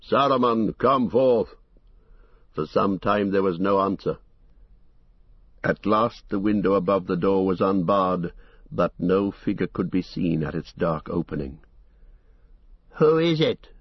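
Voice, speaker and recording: A man reading a fantasy novel as an audiobook, in a steady, measured way. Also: low-pitched, breathy edge, no room sound, highs cut off. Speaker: narrator. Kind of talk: scripted audiobook narration.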